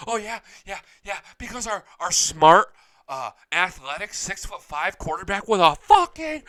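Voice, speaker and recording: A man's voice: sits high, lively intonation, normal speed, bright, forceful tone. A young man hosting a live sports talk show, ranting with heavy profanity and hype. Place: home studio.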